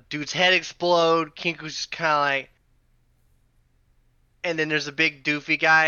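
Laid-back rambling guy at the game table, very bright crisp voice, kinda lo-fi. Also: a little high, no room sound. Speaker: player. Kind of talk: casual tabletop game play.

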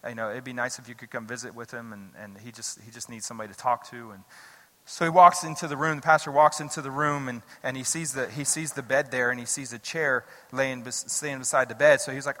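Bright-voiced pastor preaching in a reverberant hall. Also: male voice, mid-range voice, quick pace. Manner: conversational, animated storytelling with repeated restarts. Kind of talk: sermon.

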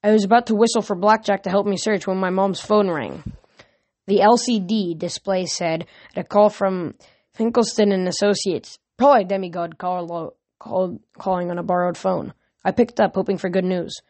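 A woman reads a novel aloud in an easygoing way, often tripping over words and going back to fix them. Her pitch sits in the middle. The recording is dry and close. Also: fairly even intonation, moderate pace, darkish tone, no room sound. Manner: stumbles and restarts words often. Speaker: reader. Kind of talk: casual read-aloud of a novel.

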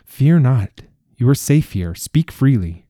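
A man's voice: sits low, measured pace, mellow, dry recording, clean studio sound. A man voicing an ancient immortal desert king who speaks in a formal, stately way. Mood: courteous.

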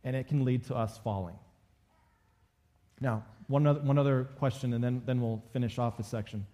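A man's voice: mid-range voice, moderate pace, dark tone. A male pastor giving a conversational sermon and acting out quoted lines from the story.

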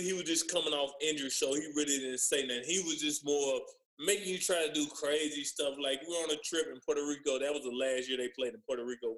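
A man telling lively stories from his playing days in casual chat, acting out what others said. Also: medium pitch, echoey room, low-quality recording. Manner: animated storyteller, acts out others' lines. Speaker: former pro basketball player guest. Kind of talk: casual storytelling on a podcast.

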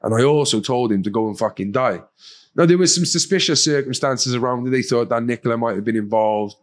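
This man talks fairly quickly at a medium pitch, telling his personal story as a podcast guest. Heavy swearing and bluntness mark his candid account, and he acts out the lines other people said.

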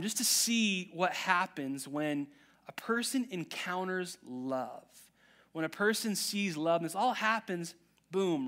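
Casting: male pastor, slightly higher voice, casual and animated, tells stories with acted-out voices. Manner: chatty, animated, acts out quotes. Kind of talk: casual sermon.

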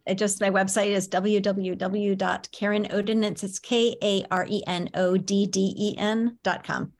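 A woman's voice: mid-range voice, flat delivery, normal speed. A woman, a guest author, talking in a friendly, eager, chatty way on a call. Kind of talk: casual video-call chat.

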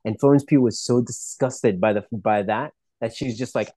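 A man's voice: mid-range voice, moderate pace, hardly any pauses, no echo. A man telling celebrity gossip in casual chat, rambling and swearing often with many restarts. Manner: profane, rambling, animated storytelling with restarts.

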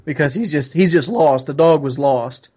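A man's voice: a little high, moderate pace, darkish tone, slightly rough, lo-fi sound. A man recounting a news story and arguing his view in a profane, opinionated way over a call. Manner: argumentative, profane. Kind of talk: opinionated chat. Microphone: call audio.

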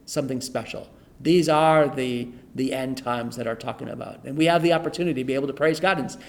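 A man's voice: fairly high pitch, gravelly, a little mellow. A middle-aged man leading an informal Bible study, reading scripture aloud and explaining it in a conversational way, often repeating his phrases. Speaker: pastor teaching a Bible study.

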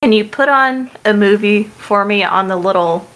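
A woman playing a tabletop role-playing game, speaking in a dry, deadpan way. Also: mid-range voice, moderate pace. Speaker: player. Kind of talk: casual tabletop role-play.

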